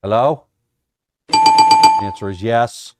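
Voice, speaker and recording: A man's voice: medium pitch, huge pitch swings, slow pace, very noisy. A man hosting a casual trading stream, joking and teasing his viewers. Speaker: trading coach host. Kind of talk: casual live-stream chat.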